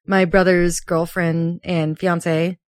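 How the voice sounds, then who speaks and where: A woman in her late twenties, chatting casually as a podcast co-host. She laughs often and acts out quotes in a higher voice. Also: flat delivery, takes it slowly, no room sound, clean studio sound. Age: 20s. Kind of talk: casual chat.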